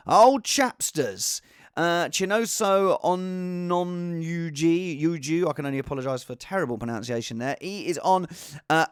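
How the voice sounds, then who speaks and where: A man hosting a casual fantasy football show, rambling and animated, with a self-mocking tone. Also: high voice, dry recording, studio quality. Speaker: host.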